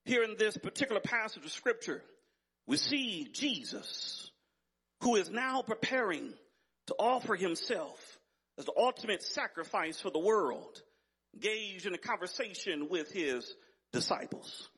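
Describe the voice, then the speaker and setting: A male pastor preaching with a husky, slightly breathy voice that sits high for a man. His delivery swings widely in pitch, emphatic and rising in intensity as he repeats his phrases. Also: expressive, normal speed, a bit bright. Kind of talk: sermon.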